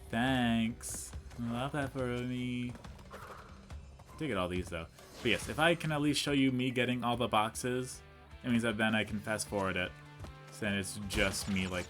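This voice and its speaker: A young man with a lowish voice chats his way through a playthrough, wandering off into stories and poking fun at himself. Soft game music plays faintly underneath. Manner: rambling storyteller, chatty and self-mocking, talks to the game. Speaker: let's play commentator. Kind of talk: casual gameplay commentary.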